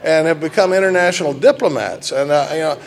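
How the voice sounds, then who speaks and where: A man's voice: a little high, fast, vocal fry. A man doing a bragging talking hound dog. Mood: boastful. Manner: chatty, self-satisfied storyteller. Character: smooth-talking boastful male talking hound dog.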